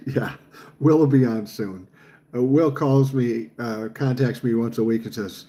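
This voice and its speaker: A man's voice: mid-range voice, measured pace, warm tone. A man in his sixties hosting a livestream, reading viewer comments aloud and answering them in a blunt, profane, fired-up way. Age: 60s. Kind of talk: casual chat.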